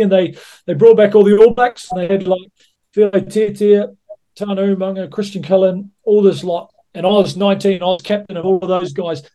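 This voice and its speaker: A man with a notably high-pitched voice, from New Zealand, chatting casually as a podcast guest. He is a rugby coach who tells rough, sweary anecdotes and slips into other people's voices when he quotes them. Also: warm tone.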